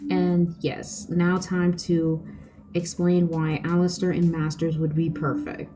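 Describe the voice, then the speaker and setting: A woman's voice: on the low side, little pitch movement, takes it slowly, dark tone, soft background music. A young woman streaming, chatting casually with her viewers, giggly and full of fillers. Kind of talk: casual chat with livestream viewers.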